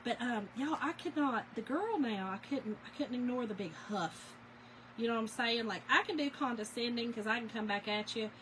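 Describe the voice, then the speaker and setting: Woman in her forties hosting a craft livestream, bright higher voice, talkative storyteller chatting with viewers. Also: normal speed, slight background noise, poor audio. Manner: chatty storyteller, talks to viewers and reads their names aloud. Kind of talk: casual livestream chat while crafting.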